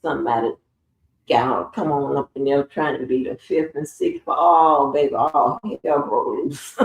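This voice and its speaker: Telling stories laced with curses and laughter, a woman hosts a relaxed livestream. She speaks a little slowly in a gravelly bass voice, recorded in a roomy space far from the mic.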